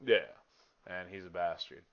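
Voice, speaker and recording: A man's voice: sits low, a little slow, gravelly, dull audio, crowd noise. A young man hosting a podcast, chatting casually and profanely about a video game with lots of filler words. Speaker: podcast host.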